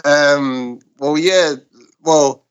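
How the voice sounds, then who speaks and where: A man who co-owns a restaurant, answering interview questions in an earnest, halting way with many restarts. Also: a little high, lo-fi sound, a little hiss or hum. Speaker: restaurant co-owner, guest.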